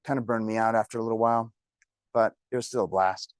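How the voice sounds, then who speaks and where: A man's voice: lowish voice, fairly even intonation, fast, dry recording, clean studio sound. A man teaching a real estate class, telling joking stories to the room. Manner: jokey, storytelling. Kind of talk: classroom talk.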